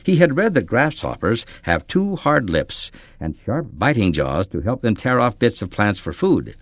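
A man reading a children's story aloud, in expressive, measured scripted narration. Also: mid-range voice, no room sound, studio quality.

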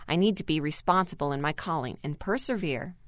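A woman voicing a cheerful, persistent mother who gently encourages children at church, in a read-aloud story. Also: sits low, lively intonation, brisk, dry recording, studio quality. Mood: gentle.

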